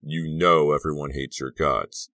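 A man's voice: a bass voice, steady tone, unhurried, pushed and bright, dry recording, clean studio sound, full character voice. A man voicing a wisecracking teenage boy who needles his friend with jokes, in an audiobook reading. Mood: teasing.

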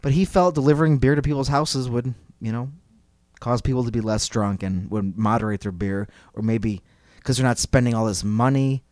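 A man's voice: medium pitch, normal speed, darkish tone, no room sound. A man hosting a podcast, telling a story in a casual, rambling, playful way full of "like" fillers. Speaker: podcast host. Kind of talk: casual chat.

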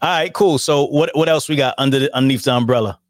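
A man hosting a casual interview, easygoing, with quick affirmations and laughs. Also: mid-range voice, dry recording, clean studio sound. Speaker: podcast host.

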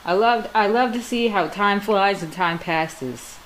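A young woman from Georgia co-hosting a podcast in casual chat, blunt and joking, often trailing into low mutters. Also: a little slow. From Georgia, USA. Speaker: podcast co-host. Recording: faint background noise.

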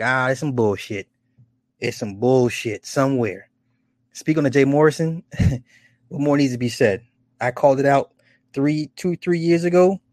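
A man hosting a casual commentary, animated and profane, often laughing at his own stories. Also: medium pitch, no echo, clean studio sound.

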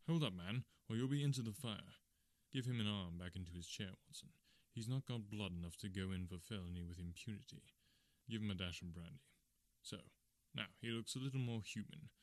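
A man voicing a calm, stern middle-aged male detective in measured, quiet tones in an audiobook. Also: on the low side, no room sound, close to an everyday voice. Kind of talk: audiobook character reading.

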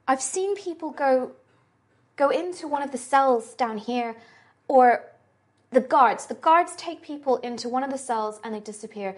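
A woman game master voicing a frightened elderly woman held in an asylum, speaking hesitantly and stammering in a tabletop role-play. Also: sits high.

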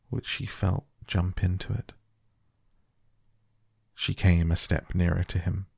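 Deep, slow, gravelly bedtime narrator. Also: male voice, no room sound, clean studio sound. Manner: gentle, unhurried. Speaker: audiobook narrator. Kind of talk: soft bedtime story reading.

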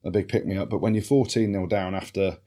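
An English man co-hosting a sports podcast, animated and swearing freely in casual banter. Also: sits low, a little fast. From England. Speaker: podcast co-host.

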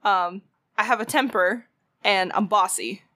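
A woman's voice: medium pitch, measured pace, pushed and bright, dry recording, studio quality. A young woman, telling a story in casual chat, swearing freely and acting out quotes.

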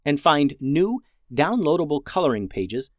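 Gentle male storyteller with a dry, close sound. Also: on the high side, big pitch swings, unhurried, dry recording. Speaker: children's podcast storyteller. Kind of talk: scripted story narration.

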